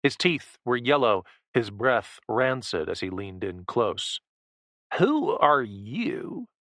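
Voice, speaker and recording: A man narrating a first-person action thriller audiobook with a low, tense, steady delivery. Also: a little slow, no echo.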